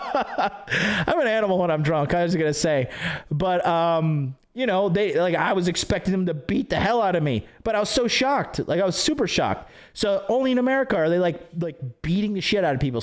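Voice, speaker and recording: A man hosting a livestream in a loose, rambling rant. His talk is packed with swearing and "like", and his voice sits a little high for a man. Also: animated, brisk. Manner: profane, rambling storytelling with many fillers. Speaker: dating coach and stream host.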